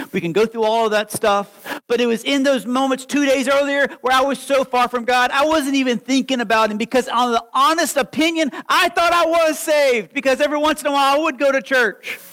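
A man preaching a sermon, telling his own testimony with animated storytelling that swings from hushed lines to loud ones. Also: very high voice, low-quality recording. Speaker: pastor.

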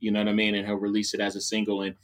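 A man, a rapper who works in music licensing, talking in an animated casual podcast conversation, often adding "you know what I'm saying". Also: fairly low pitch, very fast.

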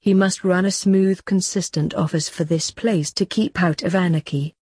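A woman reads a fussy pen-pusher of a man who sniffs at anything but office work, in a storybook tale. The voice is dark and low, and it stays dry and close. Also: fairly even intonation, normal speed, slightly rough, no echo.

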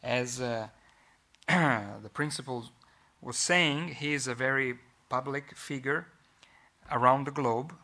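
Slow, gravelly Italian-accented lecturer. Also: male voice, medium pitch, pushed and bright. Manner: measured, with frequent fillers and restarts. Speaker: guest lecturer. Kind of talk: formal lecture.

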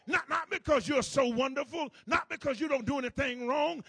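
A man preaching a sermon to a congregation in a church, calling for responses and repeating phrases as he builds to shouts. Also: extremely high pitch, normal speed, creaky, hardly any pauses, no echo.

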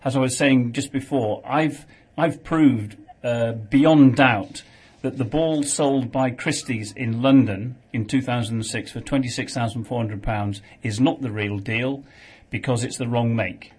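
An earnest male author being interviewed on the radio. His voice is husky and even, and he lays out the details patiently. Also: medium pitch, measured pace. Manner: earnest, explanatory. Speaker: author guest.

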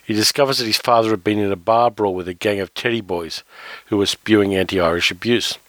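A man with a fairly low voice hosts a casual film talk. He speaks thoughtfully and pauses now and then to gather his words. His sound is dry and close, with no room around it. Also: fairly bright tone, dry recording, poor audio. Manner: thoughtful, with fillers and pauses while reading notes. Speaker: film reviewer host. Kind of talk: casual spoken film commentary.

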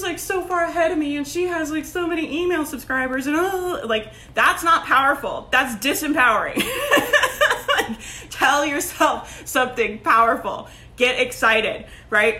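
A woman's voice: a little high, bright, forceful tone. A woman giving a motivational group coaching talk as a business coach, emphatic and rallying, tagging her lines with "like" and "right?".

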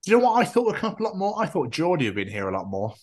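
A man from Scotland co-hosting a podcast, laid-back and blunt, swearing casually in relaxed chat. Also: fairly high pitch, racing. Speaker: podcast co-host.

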